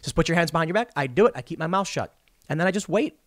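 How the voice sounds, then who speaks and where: A man's voice: fairly high pitch, expressive, rapid-fire, no room sound. Emphatic man with a dry close sound. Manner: emphatic, rambling, with frequent restarts. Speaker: political commentary host. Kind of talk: solo political commentary.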